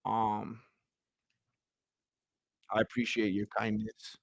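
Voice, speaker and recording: A young man hosting a casual livestream, reading viewer comments and thanking fans, excitable and laughing often, his voice going hoarse from talking so much. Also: lowish voice, slow, dry recording. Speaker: livestream host.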